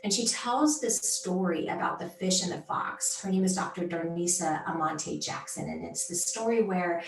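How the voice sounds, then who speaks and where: A middle-aged woman, a sports executive speaking as a guest in a conversational interview, talking in an animated, emphatic way and often tagging her points with "right?". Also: fairly low pitch, normal speed, gravelly, reverberant, recorded from a distance, rough recording.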